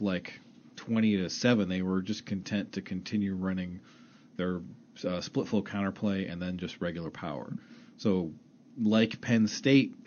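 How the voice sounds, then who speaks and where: A man's voice: low voice, darkish tone, a little hiss or hum. A man breaking down football plays in detail as an analyst on a sports radio talk show, speaking from a studio. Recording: dull lo-fi radio broadcast.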